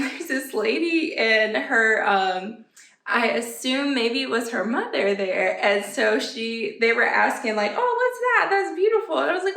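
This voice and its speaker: A woman vlogging from home and telling a rambling story to her viewers. Her voice sits a little high and has a gravelly fry, and the room around her is echoey. She pops up into a much higher voice whenever she quotes someone. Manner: chatty, animated, acts out quoted voices in a much higher pitch. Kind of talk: casual storytelling vlog.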